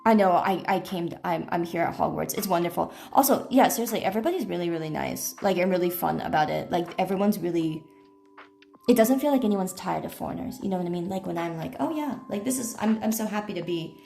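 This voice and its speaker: A woman's voice: on the low side, fast, gravelly, mellow, soft background music. A woman streamer chatting casually, telling rambling stories full of fillers and self-corrections. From United States. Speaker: IRL streamer. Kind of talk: casual live-stream chat.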